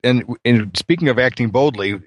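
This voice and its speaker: Halting, laughing male storyteller. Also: medium pitch, expressive, no echo. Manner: halting storytelling, many fillers and restarts, laughs a lot. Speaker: podcast co-host. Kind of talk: casual chat.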